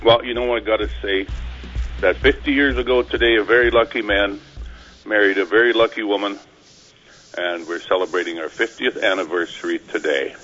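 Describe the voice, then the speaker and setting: A man's voice: fairly low pitch, fairly even intonation, a little fast, a bit bright, faint music behind. A man calling in to a radio show, jokey and folksy. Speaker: caller. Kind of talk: phone-in chat. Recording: muffled phone call on air.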